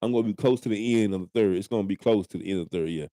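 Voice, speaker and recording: A man's voice: on the low side, rapid-fire, mellow, no room sound, clean studio sound. A young man hosting a live stream, trash-talking rival fans in casual banter with drawling repeats. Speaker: live-stream host, sports fan.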